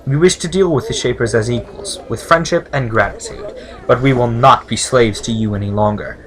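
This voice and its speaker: A man reading the lines of a proud, wary male village leader from a game in a measured, formal way. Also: mid-range voice, crowd noise, close to an everyday voice. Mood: solemn.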